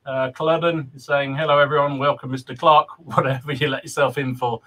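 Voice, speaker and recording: A man's voice: mid-range voice, flat delivery, a little fast, pushed and bright. A man hosting a casual livestream podcast, cheerfully greeting viewers and reading out their comments. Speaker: podcast host.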